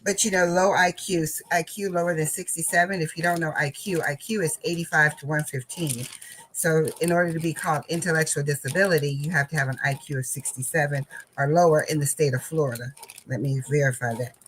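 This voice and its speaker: A woman's voice: deep voice, fairly even intonation, brisk, a bit bright, a little hiss or hum, low-quality recording. A woman hosting a crafting channel, telling a casual story and often laughing while she talks.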